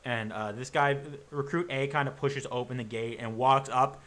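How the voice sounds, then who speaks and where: Bright, halting game master man. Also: mid-range voice, fairly even intonation. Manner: casual, halting, full of fillers. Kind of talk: narrating a tabletop game.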